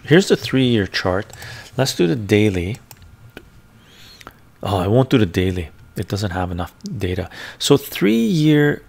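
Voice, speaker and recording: A man's voice: fairly low pitch, big pitch swings, a little slow, vocal fry, darkish tone. A man, the host, talking casually and thinking aloud as he browses stock charts, often muttering to himself. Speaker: finance video host. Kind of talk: casual screen-share commentary. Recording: ASMR-style close mic.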